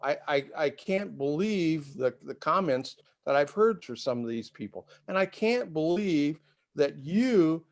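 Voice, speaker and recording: Older man on a video call, fired up and emotional, stumbles over words, slightly high voice. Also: darkish tone. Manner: indignant, emotional, halting. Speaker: resident giving public comment. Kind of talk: public comment at a meeting.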